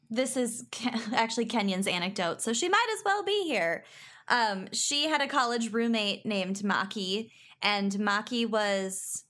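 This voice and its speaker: A woman's voice: on the high side, fairly bright tone. A woman guest with a Minnesotan accent, telling anecdotes in a playful, laughing podcast chat. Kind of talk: casual chat.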